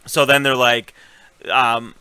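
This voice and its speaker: Man, casual recap chat, swears, acts out scenes, bright voice, smooth. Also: mid-range voice, little pitch movement, slow, no room sound, low-quality recording. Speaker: podcast co-host.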